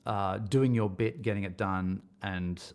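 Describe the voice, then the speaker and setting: A man's voice: lowish voice, unhurried, darkish tone. A middle-aged man, speaking as a podcast guest in a thoughtful, rambling way with many restarts. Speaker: casting director and acting coach. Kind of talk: podcast interview.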